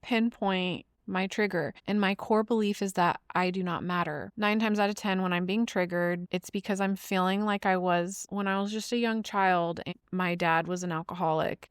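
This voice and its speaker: A woman's voice: lowish voice, clear, resonant tone, no echo, studio quality. A woman hosting a podcast, talking casually in a blunt, emphatic way with plenty of swearing. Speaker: podcast host. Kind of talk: casual monologue.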